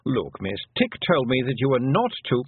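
A gloomy, cautious male toad, as a male reader puts him on, drawing out his words with hesitant pauses and a husky edge. The voice swings through a lively range. The sound is dry and narrow, like a phone line. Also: mid-range voice, dry recording. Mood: mournful. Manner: slow, hesitant, with ums.

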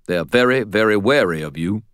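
A man's voice: lowish voice, lively intonation, brisk, fairly bright tone, clear, resonant tone, no echo, studio quality, pitched above the performer's own voice. A man voicing a stern, blunt old male wizard mentor who scolds in a growling, folksy way. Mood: angry.

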